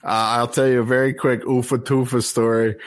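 A man co-hosting a podcast, talking in a relaxed, easygoing way with plenty of "uh" fillers as he plugs shows and tells stories. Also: medium pitch, brisk. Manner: relaxed, uses many "uh" fillers while plugging shows. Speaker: podcast co-host. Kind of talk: casual podcast banter.

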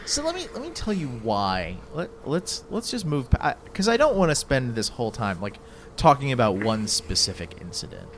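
An exasperated man hosts a casual talk show, his voice swinging widely in pitch and leaping up high when something strikes him as absurd. Faint noise hums under the recording. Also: huge pitch swings, normal speed, hardly any pauses. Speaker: podcast host. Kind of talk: casual chat.

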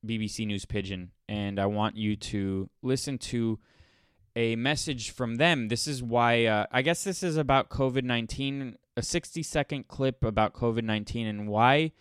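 Smooth-voiced man rambling on a podcast. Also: mid-range voice, normal speed, no echo, clean studio sound. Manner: rambling and blunt, with frequent restarts. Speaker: podcast host. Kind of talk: casual solo podcast monologue.

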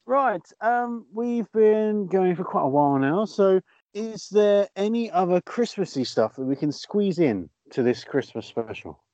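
A man co-hosting a podcast, chatty and quick to laugh in casual conversation. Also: high voice, lively intonation, warm tone, no echo, highs cut off. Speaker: podcast co-host. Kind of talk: casual chat.

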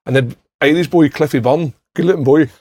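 A man's voice: a little high, fairly quick, a little mellow, a little hiss or hum. A middle-aged Scottish man telling sweary, laughing anecdotes in casual podcast chat, acting out other people's lines. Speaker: podcast panellist.

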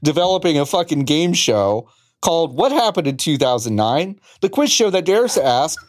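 A man hosts a comedy podcast like a game show. His pitch jumps all over the place as he hams up the announcer patter, swinging from low and drawn-out to high and excited. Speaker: podcast host.

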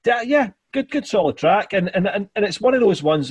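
A man hosts a casual music chat with a husky, slightly rough voice, halting and rambling through fillers as he goes. He sounds a bit tipsy, and the sound is dry and close, with no room around it. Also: sits high, expressive, no room sound. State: a bit tipsy after two beers. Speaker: podcast host.

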